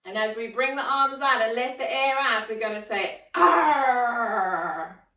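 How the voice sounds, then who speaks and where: A woman's voice: fairly high pitch, fairly even intonation, moderate pace, bright, forceful tone, far from the mic, a little hiss or hum. A woman leading a children's yoga class, with encouraging, playful, sing-song instructions. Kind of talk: guided kids' yoga class. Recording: echoey room, voice from afar.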